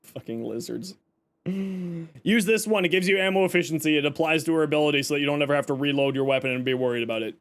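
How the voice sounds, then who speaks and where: Male streamer from Canada, casual chat, joking, exasperated, fairly high voice. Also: quick pace, smooth.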